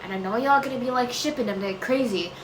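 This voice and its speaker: A woman's voice: on the high side, fast, echoey room, a little hiss or hum, low-quality recording. A woman answering viewer questions in a casual chat, rambling, often losing track, correcting herself and laughing.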